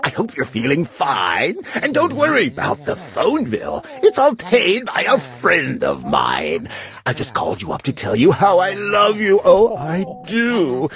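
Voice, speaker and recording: A woman's voice: lowish voice, huge pitch swings, measured pace. A woman voicing a greenish, smug male glunk creature who sweet-talks and jabbers in a storybook reading. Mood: gabbing.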